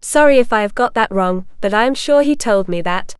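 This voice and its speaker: A woman's voice: medium pitch, expressive, brisk, smooth, dry recording, clean studio sound, natural voice. A woman reading the part of a puzzled, exasperated man on the phone, with incredulous questions. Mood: bewildered.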